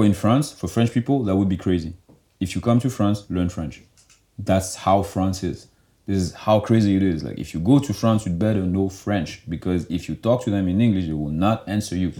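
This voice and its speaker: Deep-voiced man, loose and animated. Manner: loose and animated, heavy filler "like". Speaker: guest. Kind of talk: casual conversational interview.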